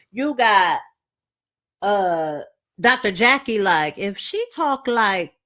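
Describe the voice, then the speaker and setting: A woman's voice: fairly low pitch, a bit bright. A woman from Detroit giving a blunt, profane, slangy casual recap of a reality TV episode.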